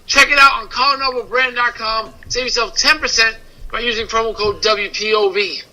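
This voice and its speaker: A man's voice: very high voice, steady tone, a little fast, a crowd in the background, low-quality recording. A man co-hosting a casual podcast in a playful, mock-outraged way. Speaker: podcast co-host. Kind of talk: casual chat and ad read.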